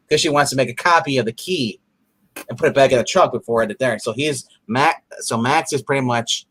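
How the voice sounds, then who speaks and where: A man's voice: mid-range voice, moderate pace, fairly bright tone. A man co-hosting a casual episode recap, retelling scenes animatedly and acting out the characters' lines with frequent laughs. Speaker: podcast co-host.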